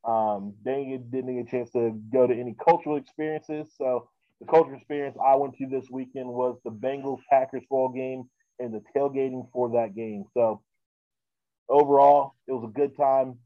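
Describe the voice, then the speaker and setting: A man hosts a casual podcast in a loose, rambling way, full of fillers and restarts. His voice sits at a middle pitch. The recording is dry and a little dull. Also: steady tone, normal speed, dry recording. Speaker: podcast host.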